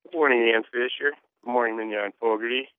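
A man calling a radio show, halting and stumbling over his words with many "uh"s. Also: mid-range voice, steady tone, smooth, dry recording. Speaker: caller. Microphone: phone. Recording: narrow phone line.

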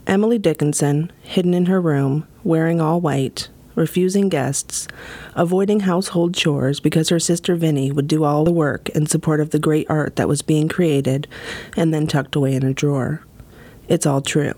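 A woman performing her own spoken-word poem in a wry, deadpan, measured way. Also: low-pitched, breathy edge, no room sound. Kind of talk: spoken-word poetry reading.

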